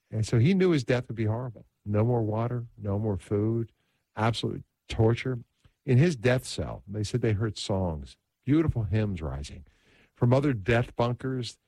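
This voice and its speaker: Deep-voiced earnest male host. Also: dark tone, no echo. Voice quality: earnest, devout storytelling manner. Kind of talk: religious talk show storytelling.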